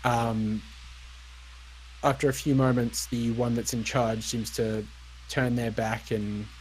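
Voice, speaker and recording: A young man narrating as dungeon master, relaxed and hesitant, with frequent ums and uhs. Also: medium pitch, slight background noise, poor audio. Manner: unhurried, lots of ums and uhs. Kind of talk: narrating a tabletop game.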